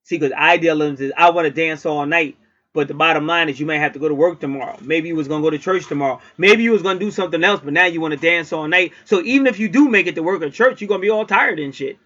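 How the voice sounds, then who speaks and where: A man's voice: fairly high pitch, very fast, few pauses, bright, forceful tone. A man giving a casual astrology reading in a blunt, preachy way, cursing freely. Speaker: astrologer and card reader. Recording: dull lo-fi recording.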